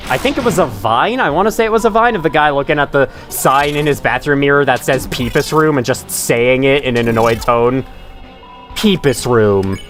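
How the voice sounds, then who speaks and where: A slightly bright, mid-range male voice carries this live gameplay commentary. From his room at home he chats with viewers as he plays, reading their messages out and swearing when he gets frustrated.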